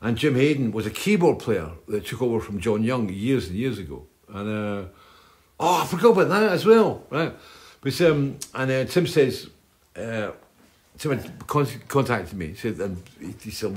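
Older guy rambling through old stories, keeps saying right?, mid pitch. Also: very animated, normal speed, darkish tone. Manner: chatty, keeps adding "right?". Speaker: host. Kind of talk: rambling storytelling chat.

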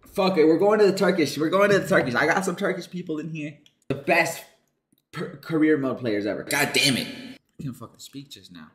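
A young man giving casual, excitable gameplay commentary while playing a football video game, swearing, joking and shouting at the screen. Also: a little high, a little fast. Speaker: gaming streamer.

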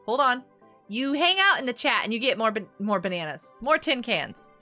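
Bubbly high-voiced woman streamer, giggly. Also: sing-song, moderate pace, bright, forceful tone, faint music behind. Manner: bubbly, giggly, often panicked; talks to chat viewers by name. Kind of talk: live game commentary with viewers.

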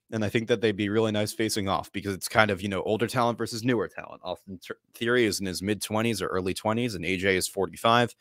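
Brief: young man, casual sports-podcast host, low voice, dry recording. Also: fairly bright tone, no room sound. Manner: storytelling, conversational with fillers. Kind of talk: casual sports prediction chat.

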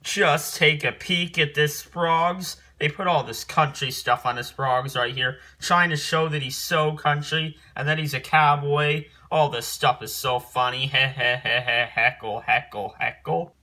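Reacting to a series of pictures for laughs, this man speaks at a measured pace with a fairly high, sharp voice, fairly even intonation and barely any pauses. He's giggly and repetitive, chanting singsong jokes at each image and mock-scolding its maker.

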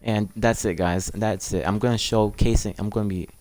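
A man with a lowish voice gives casual game commentary for his channel. He is eager and pleading and keeps turning to his viewers as "guys". The sound is dry and close, with no room around it. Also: steady tone, normal speed, darkish tone, dry recording. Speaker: gaming channel host.

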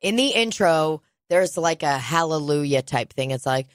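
Animated, foul-mouthed storytelling woman. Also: low voice, normal speed, hardly any pauses, no room sound, studio quality, faint music behind. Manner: animated storyteller, mimics people, swears freely. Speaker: podcast co-host. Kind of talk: casual comedic chat.

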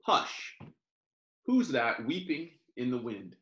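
A man reading a children's picture book aloud in a gentle sing-song, pausing to explain words over a video call. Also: medium pitch, lively intonation. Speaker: professor reading picture books to families. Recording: roomy echo.

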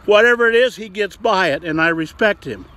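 A man's voice: high voice, expressive, fairly quick, pushed and bright, rough recording. A man in his seventies hosting a casual video diary, exuberant and given to whooping and hollering. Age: 70s. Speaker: vlog host.

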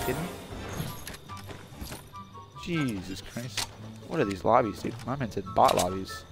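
A teenage boy commentating his gameplay in a hyped, excitable way, full of slang and calling everyone dude. He sometimes drops to a whisper. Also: mid-range voice, measured pace, pauses often. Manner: whispers at times to stay quiet. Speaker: gaming YouTuber. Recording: loud background music over voice.

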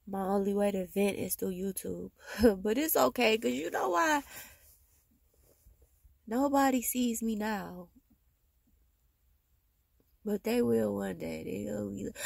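A woman's voice: a little high, animated, a little slow, vocal fry, pauses often, slightly rough, dry recording. A tired woman venting in a bitter, profane monologue with heavy sighs, talking into her phone. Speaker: vlogger.

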